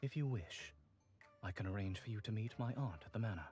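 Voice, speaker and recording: Man playing a British nobleman, formal, aloof, low voice, faint music behind. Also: animated, a little fast, mellow, natural voice. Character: stiff formal wealthy young nobleman.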